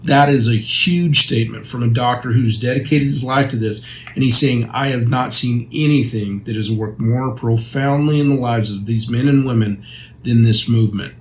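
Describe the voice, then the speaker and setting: A man's voice: mid-range voice, moderate pace, a bit bright, rough recording. A man co-hosting a recovery podcast, reading passages aloud and reflecting on them in casual discussion. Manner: reflective, reads passages then comments. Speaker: recovery counselor and podcast co-host.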